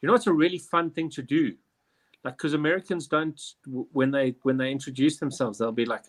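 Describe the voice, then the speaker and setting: A man's voice: medium pitch, fairly even intonation, brisk. A man hosting a casual online quiz, reading questions aloud and riffing with jokes between them. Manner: jokey, reads questions then riffs with swearing and laughs. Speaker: quiz host.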